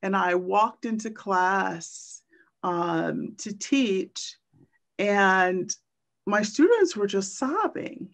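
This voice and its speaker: A woman poet and teacher tells stories on a video call, slow and halting with many pauses and fillers. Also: medium pitch, expressive. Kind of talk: reflective storytelling in a virtual book talk.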